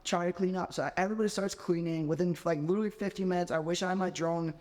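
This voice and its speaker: A man's voice: high-pitched, quick pace, in a large hall. A man in his twenties, a podcast guest, telling a story in a casual way and filling his speech with "like". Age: 20s. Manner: constant "like" fillers, animated.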